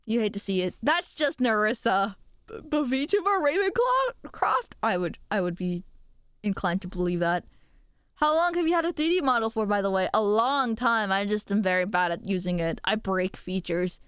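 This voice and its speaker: Excitable young woman streamer, dry mic. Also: mid-range voice, moderate pace, clear, resonant tone, no room sound. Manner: excitable, swears often, self-mocking. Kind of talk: casual stream chat.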